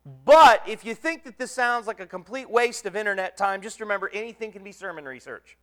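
A male preacher with a fairly high, smooth and resonant voice gives a relaxed, conversational sermon. He talks in a folksy way, pokes fun at himself and fills his pauses with ums and uhs. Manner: folksy, self-deprecating humor with many fillers.

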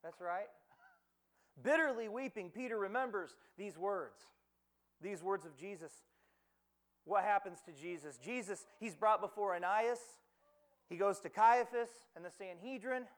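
A man with a notably high voice delivers a sermon, retelling a scripture story with dramatic pauses. He asks rhetorical questions and acts out quoted lines along the way. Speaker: preacher.

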